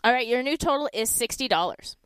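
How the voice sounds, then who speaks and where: Lively, smooth-voiced woman radio deal host. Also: dry recording. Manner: chatty upbeat sales pitch, repeats phone number slowly. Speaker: radio shopping show host. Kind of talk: live radio deal segment with callers.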